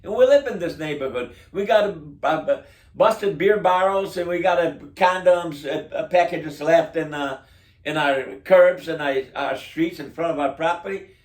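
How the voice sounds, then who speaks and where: Fairly high-voiced guy ranting about his neighborhood, rambly, keeps restarting, echoey room. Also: moderate pace. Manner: indignant, rambling, with frequent restarts and broken grammar. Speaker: local resident complaining about city officials. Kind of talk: casual spoken complaint monologue.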